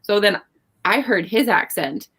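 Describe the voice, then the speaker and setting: A woman's voice: medium pitch, lively intonation, measured pace, a bit bright, breathy edge. A young woman from Canada with a Canadian accent, chatting casually as co-host, with lots of fillers. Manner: chatty, many fillers and likes. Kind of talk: casual chat.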